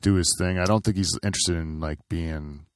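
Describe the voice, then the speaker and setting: A man's voice: low voice, fairly even intonation, fairly quick, no echo, clean studio sound. A man on a podcast talking in a laid-back, reflective casual chat.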